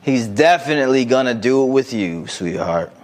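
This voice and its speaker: A man co-hosting a casual podcast, reading out a listener's message and giving blunt, animated advice with plenty of swearing. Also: mid-range voice, normal speed. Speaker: podcast co-host.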